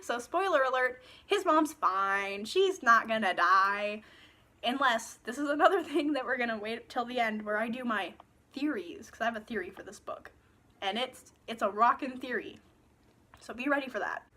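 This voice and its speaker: A young woman with a high, bright voice ranting sarcastically about a book. She talks in an exasperated way and swears freely. The sound comes from her phone. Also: animated, moderate pace. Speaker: book reviewer. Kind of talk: casual book review rant.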